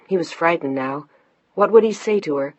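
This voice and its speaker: A woman narrates a novel in a steady, scripted way, hushing in tense moments. Her voice is very low and husky. The dry recording sounds dull and lo-fi. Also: normal speed, no echo. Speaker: audiobook narrator.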